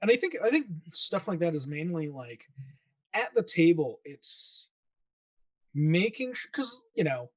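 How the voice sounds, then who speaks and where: A man who runs tabletop games, chatting in a relaxed, easygoing way with lots of fillers. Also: on the high side, a little slow, no room sound, distant mic. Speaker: game master. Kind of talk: casual chat.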